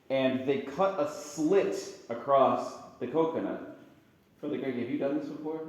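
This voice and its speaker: A priest gives a loose, conversational homily, joking with his listeners and jumping into squeaky sound effects. His voice sits at a middling pitch. The room around him rings with heavy echo. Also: dull audio. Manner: chatty and animated, bursts into high-pitched sound effects and jokes with the audience. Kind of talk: casual spoken homily.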